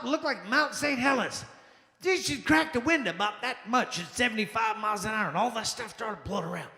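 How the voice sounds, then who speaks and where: Bright, forceful male stand-up comic, exclamatory, recorded in a roomy lounge. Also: sits high. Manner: animated, exclamatory, acts out quoted people. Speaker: stand-up comedian. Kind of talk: stand-up comedy set. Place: jazz lounge stage. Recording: echoey lounge with long reverb.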